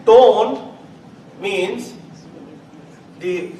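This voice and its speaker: A man teaching a live chanting class, animated and laughing often as he acts out examples. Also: sits high, drawn-out words. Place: classroom hall. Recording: roomy, distant mic, noisy.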